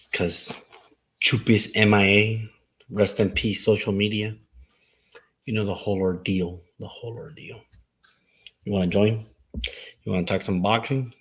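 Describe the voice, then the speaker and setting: A young man hosting a relaxed sports chat show, talking in a loose, rambling way. He drifts between English and Spanish mid-sentence. His voice sits on the lower side. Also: creaky, rough recording. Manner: mixes Spanish into English, laid-back and rambling. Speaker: talk show host.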